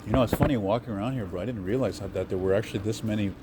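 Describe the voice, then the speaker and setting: A man's voice: lowish voice, very fast. Guy rambling on a night walk, camera mic, traffic noise all around. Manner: rambling, chatty, easily amused. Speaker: vlogger host. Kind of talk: casual walking vlog. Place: city streets at night, outdoors. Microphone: handheld camera while walking. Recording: noisy street outdoors.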